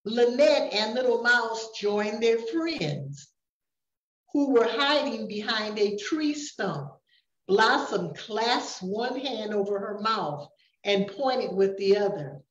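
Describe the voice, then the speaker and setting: Older woman reading aloud, unhurried, fairly high voice, roomy dull recording. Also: animated. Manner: slow, gentle reading. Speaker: grandparent storyteller. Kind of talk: reading a picture book aloud. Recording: echoey room, dull sound.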